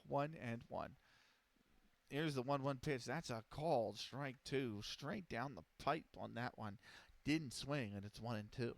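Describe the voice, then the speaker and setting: Guy doing chill play-by-play for a sim ball game, bit high voice, lots of uhs and fixing himself, dry sound. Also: dry recording. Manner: steady, measured calls with frequent fillers and self-corrections. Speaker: streamer calling a simulated baseball game. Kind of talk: casual play-by-play commentary.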